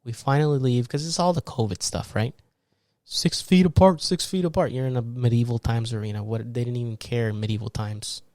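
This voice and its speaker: A man hosting a podcast, telling a long, animated story in a casual way and acting out the people in it with laughs and shouts. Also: mid-range voice, fast, hardly any pauses, dry recording, clean studio sound. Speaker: podcast host.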